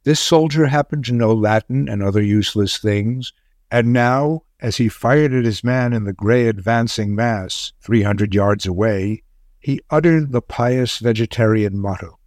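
A man narrating a wartime tale in a measured, grave storytelling manner. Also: medium pitch, a little mellow, dry recording, studio quality.

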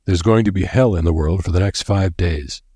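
A man voicing a grim, solemn old professor with a deliberate way of speaking, in a read-aloud story. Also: low voice, warm tone, husky, no room sound, clean studio sound.

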